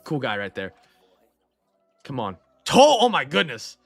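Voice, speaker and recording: A man hosting a live card break, excitable and shouting over big pulls, with a stuffed nose. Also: mid-range voice, a little slow, creaky, husky, soft background music.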